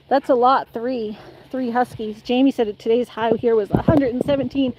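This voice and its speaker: A woman's voice: a little high, fairly even intonation, moderate pace, muffled recording. Breathless woman chatting on a beach. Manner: playful, laughing, sing-song baby talk to the dog. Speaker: vlogger live-streaming a dog walk. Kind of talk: casual live-stream chat. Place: outdoors on a beach.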